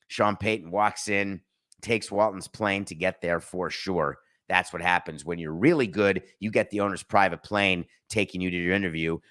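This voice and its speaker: A man's voice: low-pitched, a bit bright. A middle-aged man hosting a sports podcast, giving casual, sarcastic commentary and slipping into mock voices.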